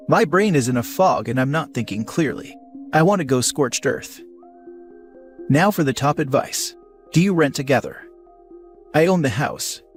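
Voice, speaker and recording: Man narrating a story, steady and even. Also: medium pitch. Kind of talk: reading an online post aloud.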